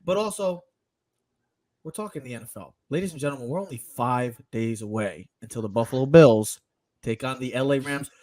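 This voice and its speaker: A man hosting a sports podcast, teasing his co-hosts and announcing the rundown with energetic hype. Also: medium pitch, fairly quick, no echo. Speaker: podcast host. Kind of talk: casual chat and show rundown.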